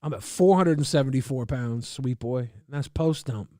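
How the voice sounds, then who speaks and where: A man streaming casually, reading and answering chat in a loud, profane, combative rant. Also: medium pitch, normal speed, dry recording, clean studio sound.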